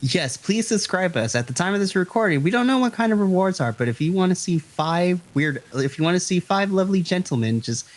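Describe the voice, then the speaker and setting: A man's voice: high-pitched, expressive, a little fast, few pauses. A man co-hosting a podcast, joking in casual chat with frequent laughs and blunt remarks. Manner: playful, laughs often, blunt. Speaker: podcast co-host. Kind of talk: casual chat reacting to wrestling.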